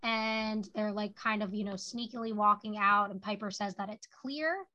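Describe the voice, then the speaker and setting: A woman with a medium-pitched voice speaks at a moderate pace, sounding pushed and bright. Co-hosting a podcast, she recaps a TV episode in loose chat packed with "like" fillers, and the audio is dull and lo-fi.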